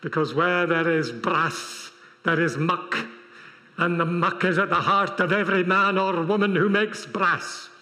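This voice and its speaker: A man voicing a stern Scottish male moralist with a Scottish accent, in a mock-solemn, drawn-out delivery. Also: high voice, bright, forceful tone, in a large hall.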